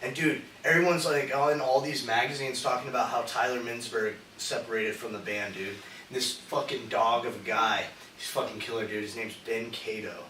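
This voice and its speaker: A man's voice: medium pitch, fairly even intonation, moderate pace, pushed and bright. A man on a podcast telling a rambling story, swearing freely and saying "dude" all the time. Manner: rambling, profane, says "dude" constantly. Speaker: podcast co-host. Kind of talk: casual storytelling chat. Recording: roomy, distant mic with hiss.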